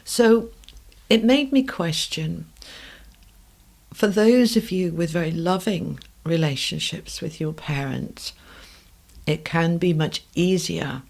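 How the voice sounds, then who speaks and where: A middle-aged British woman hosting a podcast, telling a personal story in a calm, measured way that sometimes drops to a soft hush. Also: fairly low pitch, gravelly. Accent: British English. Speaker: podcast host.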